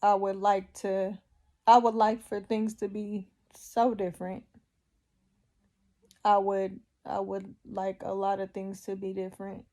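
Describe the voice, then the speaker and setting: Woman vlogger, tearful testimony, slow and halting, flat mellow voice. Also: medium pitch. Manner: slow, emotional, halting, with pauses. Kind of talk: personal faith testimony.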